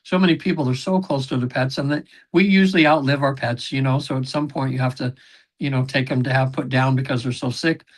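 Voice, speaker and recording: A man guest on a podcast, telling long rambling stories about his sessions, with many fillers, throat clearing and quoted voices. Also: mid-range voice, fairly even intonation, fast. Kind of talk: casual interview storytelling.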